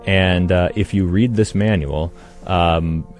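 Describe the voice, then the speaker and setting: A man's voice: low-pitched, fairly even intonation, slow pace, faint music behind. A man recalling personal memories as an interview guest, thoughtful and hesitant, with frequent ums.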